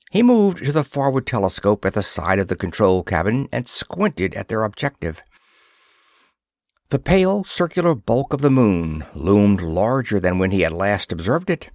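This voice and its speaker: Brief: male storyteller with a lively, expressive read and a dry, close sound. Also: lowish voice, no room sound. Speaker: audiobook narrator. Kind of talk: scripted narration.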